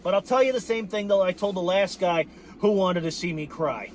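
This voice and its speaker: A boisterous man with a very high voice tears into a profane post-game victory rant from inside a car. He swears freely and breaks into sudden shouted bursts. A faint hum sits behind him. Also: fairly quick. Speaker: football fan vlogger.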